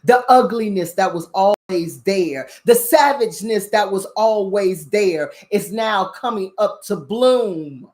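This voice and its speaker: A woman's voice: medium pitch, slow, hardly any pauses, darkish tone. A woman hosting a spiritual talk show, preaching bluntly with lots of profanity and repeated "you understand?" questions. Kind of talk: casual spiritual commentary.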